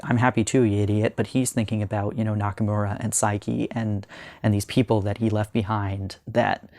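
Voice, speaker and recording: A young man talking through his thoughts on a manga in a casual review, earnest and halting, with many ums and restarts, slowing and softening at the emotional parts. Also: on the low side, vocal fry, no room sound, clean studio sound. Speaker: manga discussion vlogger.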